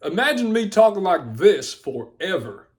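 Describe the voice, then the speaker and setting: Young man doing a folksy drawling cartoon dad, Texan twang, slow homespun delivery, vlog impression. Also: sits high, big pitch swings, heavy background noise, pitched above the performer's own voice.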